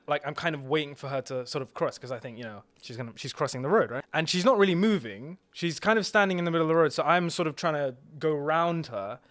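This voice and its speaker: A young man tells a story in a casual, rambling way, full of fillers and restarts. His voice sits somewhat high for a man. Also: fairly bright tone. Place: indoors on a couch.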